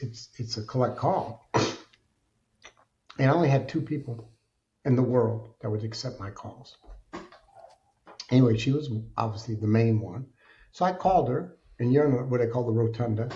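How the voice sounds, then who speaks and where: A middle-aged man tells his story with candor, his voice dark and mellow. He speaks in an earnest, colloquial way and grows animated in places. The recording is dull and slightly lo-fi. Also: mid-range voice. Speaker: podcast guest. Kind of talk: candid personal storytelling. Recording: dull lo-fi sound.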